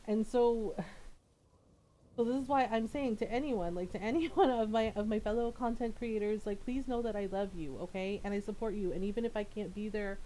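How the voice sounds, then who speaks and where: A middle-aged woman talking casually on her live stream, open and rambling. Her voice sits at an ordinary middle pitch, and she slips small laughs in between her phrases. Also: warm tone, a little hiss or hum.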